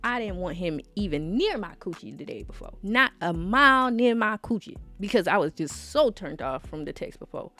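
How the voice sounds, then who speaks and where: A woman vlogger telling a casual story time with animated, sassy emphasis. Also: medium pitch, normal speed, hardly any pauses, soft background music.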